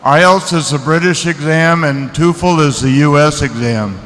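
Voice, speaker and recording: A man speaking at a seminar, answering audience questions in a relaxed, conversational way. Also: a little high, measured pace. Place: large seminar hall. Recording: echoey hall, faint noise.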